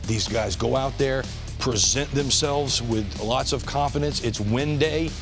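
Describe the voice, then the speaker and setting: A man's voice: mid-range voice, unhurried, music in the background. Earnest man telling baseball stories. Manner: storytelling, earnest, conversational. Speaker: baseball analyst, former pitcher. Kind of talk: studio sports discussion.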